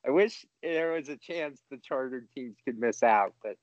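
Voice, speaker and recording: A man's voice: mid-range voice, normal speed. A man co-hosting a casual podcast, cracking dry jokes. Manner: dry, wisecracking. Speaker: podcast co-host. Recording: dry, dull lo-fi mic.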